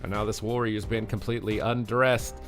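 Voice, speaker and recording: A man's voice: fairly low pitch, steady tone, a little fast, soft background music. A man rapping playful rhyming commentary over his own game match. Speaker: gamer streamer.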